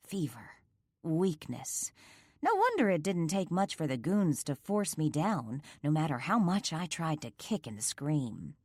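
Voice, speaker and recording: A woman's voice: low-pitched, darkish tone, no echo, clean studio sound. A woman narrating a romance audiobook in the first person, reading in an intimate, emotional storytelling manner.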